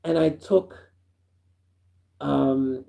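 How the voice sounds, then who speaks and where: A man from Africa, telling a first-person story in an animated way and chuckling as he goes. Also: mid-range voice, drawn-out words, vocal fry. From South Africa.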